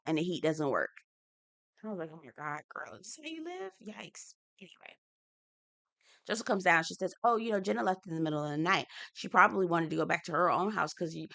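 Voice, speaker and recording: A woman's voice: fairly low pitch, pushed and bright. A young adult woman chatting casually as a YouTuber, giving a sassy recap of a reality TV show and repeatedly asking viewers to comment.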